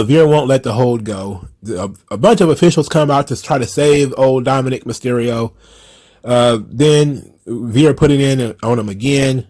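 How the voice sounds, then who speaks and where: A man's voice: medium pitch, a little mellow. A man hosting a wrestling commentary show, recapping in a rambling, blunt, chuckling way.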